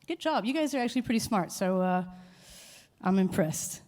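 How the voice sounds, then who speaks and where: A woman speaks into a handheld microphone before a live congregation, and her voice rings through a hall with long reverb. Her tone is playful and lively, teasing the room with quick questions and call-and-response. Her pitch sits mid-range for a woman. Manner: playful, quizzing the audience, animated. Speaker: worship leader giving a short church talk. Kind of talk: informal sermon with audience call-and-response.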